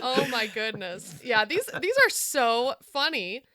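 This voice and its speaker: Woman, podcast host, high voice, bright, giggly, excitable, very lively pitch. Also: slow pace. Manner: giggly, excitable, laughs often. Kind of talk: casual podcast chat.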